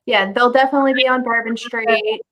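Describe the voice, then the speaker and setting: Young woman co-host, slightly high voice, low-key and agreeable, casual chat. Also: fairly even intonation, fairly quick, a bit bright, highs cut off. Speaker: podcast co-host.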